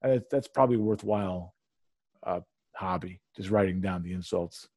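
A man's voice: low voice, moderate pace, no room sound, studio quality. A man in casual chat telling a story with lots of swearing, acting out both sides of a phone call. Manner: profane, animated storyteller who acts out both sides of a call.

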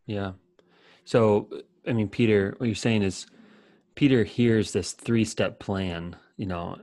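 A man in a casual Bible discussion, summing up the point in a measured way. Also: lowish voice, a little mellow, no echo, clean studio sound. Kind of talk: casual Bible study chat.

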